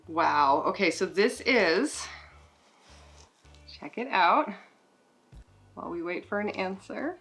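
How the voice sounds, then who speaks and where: A woman vlogging an unboxing of plant gifts, emotional and excited, swearing in delight and stumbling over plant names. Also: mid-range voice, slow, pauses often, breathy edge, faint music behind. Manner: profanity-laced exclamations. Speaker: plant YouTuber. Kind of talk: unboxing vlog chat.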